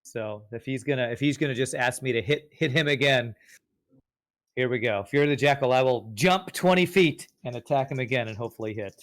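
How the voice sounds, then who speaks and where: A man's voice: medium pitch, a little fast. Man thinking aloud through his moves. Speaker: player. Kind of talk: casual tabletop game play.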